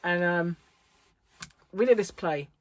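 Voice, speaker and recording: Slow and lowish-voiced, a middle-aged woman rambles casually in her crochet vlog, laughing often. She's at home on an English island.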